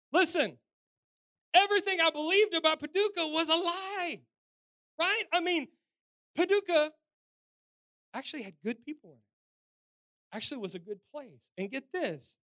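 A man in his forties, a pastor telling a personal story in a sermon, animated and swinging between loud and soft. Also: very high voice, no room sound.

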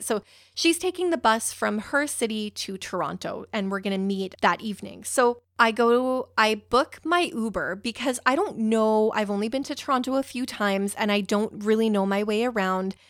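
A woman's voice: medium pitch, no echo, clean studio sound. A young woman telling a personal story in a rambling, emotional way, with a few swear words.

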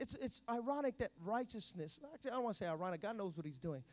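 Man, preacher, sermon, very high pitch, animated delivery. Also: quick pace. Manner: animated, swings between hushed and loud preaching.

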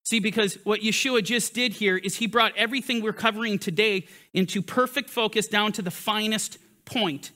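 A man teaching the Bible in a sermon style, emphatic and full of rhetorical questions, swinging from loud stresses to hushed, grave lines. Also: high-pitched, moderate pace, hardly any pauses.

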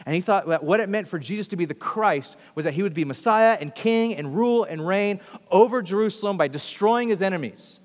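A man's voice: high voice, animated, brisk. A man preaching a sermon earnestly, often repeating phrases and restarting sentences. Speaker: pastor. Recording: long hall reverb.

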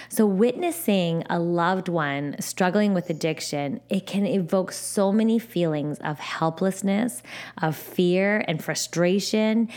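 A woman hosting a podcast alone, talking in a gentle, encouraging way and often repeating her phrases. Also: lowish voice. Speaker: podcast host. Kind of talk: supportive solo podcast talk.

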